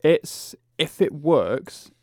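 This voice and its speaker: A man's voice: on the high side, expressive, extremely slow, dark tone, dry recording. Laid-back, wry man in a chat. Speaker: podcast co-host. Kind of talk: casual chat.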